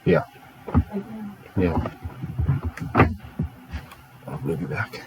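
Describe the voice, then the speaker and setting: A man's voice: sits low, big pitch swings, extremely slow, vocal fry, heavy background noise. A man hosting his own video, talking through sports results in a casual, offhand, chatty way.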